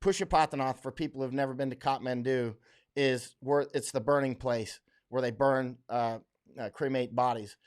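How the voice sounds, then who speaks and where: A man's voice: mid-range voice, fairly even intonation, normal speed, clear, resonant tone. A middle-aged man from Florida hosting a casual livestream, rambling with many fillers and restarts, blunt and emphatic as he reads viewer comments. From Florida, USA. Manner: blunt, emphatic, laughs often.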